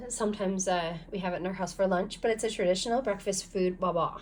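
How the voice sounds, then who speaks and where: A woman's voice: medium pitch, fairly quick, a little mellow, slight background noise. Patient woman teaching a phonics lesson. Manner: patient, guiding, gives clear step-by-step instructions. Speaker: language teacher.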